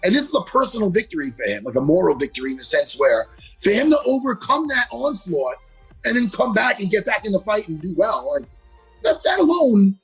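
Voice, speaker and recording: Casting: husky-voiced male MMA analyst, animated, excitable, casual. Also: high voice, fairly quick, soft background music, poor audio. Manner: animated, acts out quotes, stutters when wound up. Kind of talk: casual fight analysis chat.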